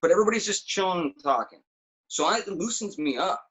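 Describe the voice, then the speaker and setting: Bright, high-ish male guest, animated and swearing freely. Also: quick pace, husky, poor audio. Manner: animated, profane storytelling. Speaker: podcast guest. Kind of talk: casual chat.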